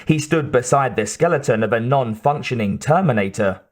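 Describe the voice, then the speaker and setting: This audiobook reader is male, with a mid-range voice and a calm, even narrating pace.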